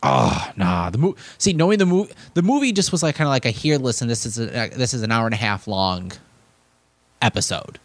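A young man co-hosting a casual podcast chat, telling stories animatedly, often stammering and restarting, and jumping into high voices to quote people. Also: brisk, no room sound. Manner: animated storyteller, jumps into high excited voices when quoting people. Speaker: podcast co-host.

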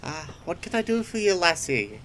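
A man's voice: on the high side, sing-song, normal speed, a bit bright, pitched above the performer's own voice, rough recording. A man voicing a cheerful middle-aged male baker, calling people lass. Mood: cheery. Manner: jolly, folksy, calls people lass.

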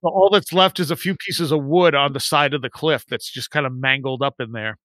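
Guy in his 40s rambling thru a creepy story, bright crisp voice, dry sound. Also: on the high side, brisk, no echo. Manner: rambling, animated when quoting friends. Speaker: guest telling a story. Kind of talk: casual storytelling on a podcast.

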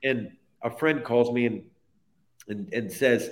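A man's voice: mid-range voice, takes it slowly. A man speaking as a guest in a podcast interview, telling a personal faith story in an earnest, heartfelt way that stacks phrases one onto the next.

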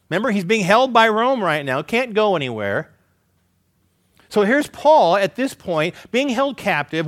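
A pastor preaches a conversational sermon with no room sound, posing rhetorical questions to the listeners. He swings between emphatic rises and quiet, low asides.

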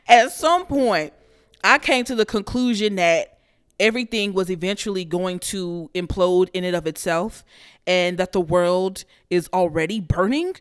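A woman's voice: medium pitch, animated, normal speed, a bit bright, smooth. Brash, profane young woman podcast host. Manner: brash, profane and playful, laughing often. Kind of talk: casual solo podcast monologue.

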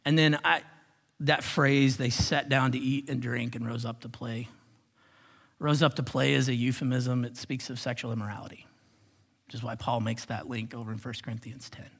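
A man preaching a sermon as pastor, animated, swinging from loud exclamations to hushed whispers. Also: mid-range voice, moderate pace, slightly rough. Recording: long reverb of a large hall.

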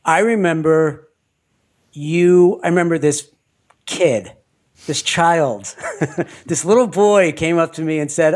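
A man hosting an interview podcast, talking in an animated way and laughing often. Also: a little high, slow pace, long pauses. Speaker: podcast host. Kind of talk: conversational interview.

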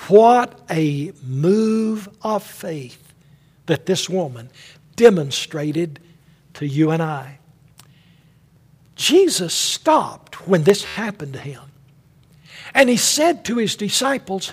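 Husky high-voiced male preacher, slow. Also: lively intonation. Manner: dramatic, emphatic, addressing listeners as friend. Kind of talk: sermon.

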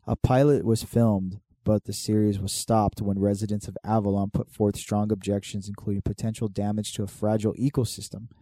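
A man's voice: on the low side, level tone, brisk, few pauses, warm tone, no room sound. A young man co-hosting a podcast in casual, laid-back chat, swearing freely and reading aloud from notes. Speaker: podcast co-host.

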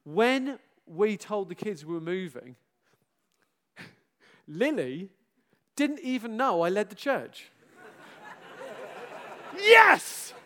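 Pitched high and speaking slowly with frequent pauses, a middle-aged pastor offers his congregation an animated farewell. He makes fun of himself, shouting out exclamations and laughing loudly.

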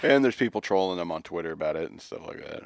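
A man with a fairly low voice reads quirky news stories aloud and breaks off into jokes and asides. The sound is dry and close, with no room around it. He talks like a podcast co-host in loose conversation. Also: animated, quick pace, dry recording. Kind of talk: casual chat reading news stories.

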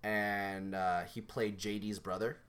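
A young man co-hosting a podcast in casual chat, talking in an animated, rambling way with many restarts. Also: on the low side, takes it slowly. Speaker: podcast co-host.

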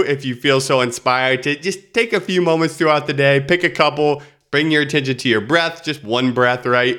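A man hosting a calm podcast about breathing, sounding nasal from a lingering cold, reading quotes slowly and deliberately. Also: medium pitch. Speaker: podcast host. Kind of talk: calm reflective podcast talk.

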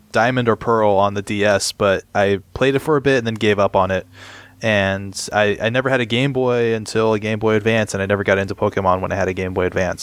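An understated man speaks as a podcast guest with a dry wit. His voice is lowish, smooth and resonant, and it sounds dry and close. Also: no room sound. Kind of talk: casual chat.

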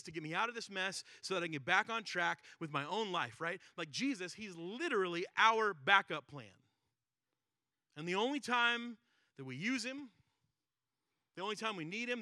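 A pastor preaching a sermon in a conversational way, asking rhetorical questions and acting out quoted prayers. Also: male voice, high-pitched, sharp tone, no room sound, studio quality. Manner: conversational, repeats words and acts out quoted prayers; rhetorical questions with frequent "right?" and "like".

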